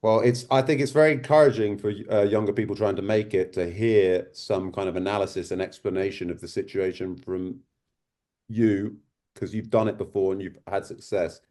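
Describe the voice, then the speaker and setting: A male podcast host with a low, mellow voice leads a casual interview. He phrases his questions hesitantly and often restarts his sentences. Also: steady tone, moderate pace.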